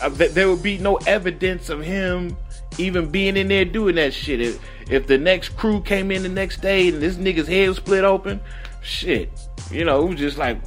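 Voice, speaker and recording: A man's voice: high-pitched, moderate pace, a bit bright, soft background music. A man, a former prison guard, telling profane stories in casual chat, laughing often and acting out what people said. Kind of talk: casual podcast storytelling.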